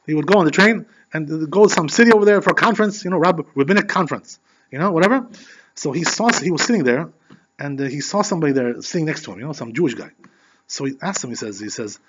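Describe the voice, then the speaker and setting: A man giving a conversational Torah class as a rabbi, animated and filling his talk with "you know". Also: fairly high pitch, quick pace. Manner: peppers speech with "you know". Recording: dull lo-fi recording.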